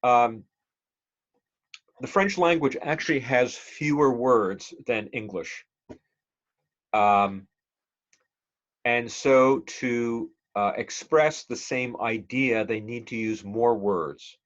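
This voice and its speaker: A middle-aged man teaching a speech class, talking in a relaxed conversational way with many fillers and questions to the students. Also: medium pitch, takes it slowly, pauses often. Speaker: college speech instructor. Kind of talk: classroom lecture. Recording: dull lo-fi classroom recording.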